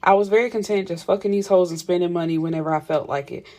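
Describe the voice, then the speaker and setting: A woman's voice: lowish voice, fast, mellow, lightly acted. A woman voicing a brash young man who talks in slang and curses freely. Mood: boastful. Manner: slangy, cursing, boastful.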